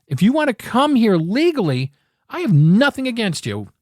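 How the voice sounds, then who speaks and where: A man's voice: high voice, sing-song, normal speed, darkish tone, no room sound, studio quality. A man hosting a political talk show, ranting with angry, sarcastic emphasis and frequent swearing.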